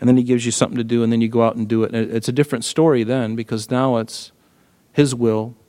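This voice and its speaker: A middle-aged man preaching a sermon in a conversational, animated way, full of rhetorical questions. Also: mid-range voice, quick pace, long reverb tail. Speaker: pastor.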